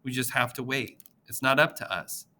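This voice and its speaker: Man voicing a tender elderly grandmother, grieving, consoling, very bright voice. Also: medium pitch, steady tone, normal speed.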